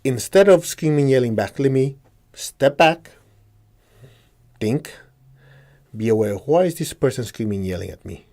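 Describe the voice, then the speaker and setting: A man leads a meditation class in a mid-pitched voice. He explains step by step, asks the room questions and answers them himself, and acts out inner dialogue. His delivery is calm and teacherly. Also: unhurried, long pauses. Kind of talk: spiritual teaching talk to a group.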